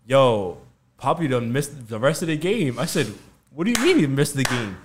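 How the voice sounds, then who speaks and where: Lively man telling a house-party story. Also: medium pitch, moderate pace, slight background noise. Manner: lively, jokey storytelling with playful teasing. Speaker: podcast co-host. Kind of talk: casual chat.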